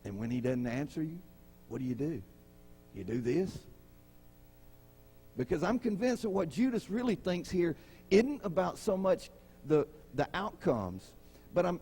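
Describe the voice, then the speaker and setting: This pastor's high-pitched voice is warm with a breathy edge. Preaching in a conversational style, he asks his congregation questions and brings the people in his stories to life by acting them out.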